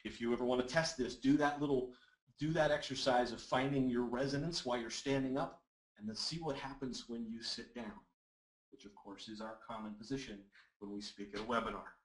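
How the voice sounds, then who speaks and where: Guy running a webinar on voice, mid-pitched, upbeat and encouraging, roomy echoey sound. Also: fairly quick. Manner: energetic and encouraging, reads audience comments aloud. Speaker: webinar presenter and voice coach. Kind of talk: live webinar teaching.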